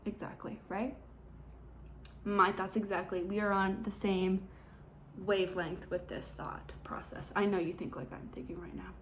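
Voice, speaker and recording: A woman's voice: mid-range voice, little pitch movement, normal speed, slight background noise. Chatty, sarcastic young woman reviewing books. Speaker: book reviewer. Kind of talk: casual vlog book summary.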